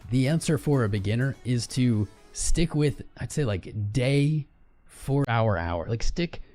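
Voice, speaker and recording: A man's voice: mid-range voice, warm tone. A man hosting a casual crypto trading livestream, laid-back and greeting viewers in chat by name.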